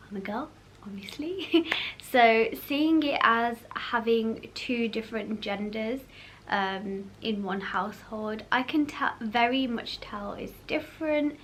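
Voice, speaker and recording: Young woman vlogging, high-ish voice, lots of "you know" and laughing, faint hum in the room. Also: slow pace, a bit bright. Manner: chatty, lots of fillers and laughter. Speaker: vlog host. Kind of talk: casual chat to camera.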